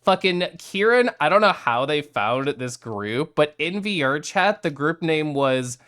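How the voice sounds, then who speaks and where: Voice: mid-range voice, expressive, unhurried, fairly bright tone. A streamer chatting casually on a live stream, reading out viewer messages, greeting viewers and laughing often.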